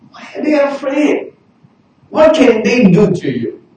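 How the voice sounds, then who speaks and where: A man preaching with a high voice that leaps up and down as he drives his points home. He often breaks into shouts. He sounds far from the mic in a very echoey hall with faint noise behind. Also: a little slow. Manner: animated, bursts into shouting for emphasis. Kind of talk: sermon.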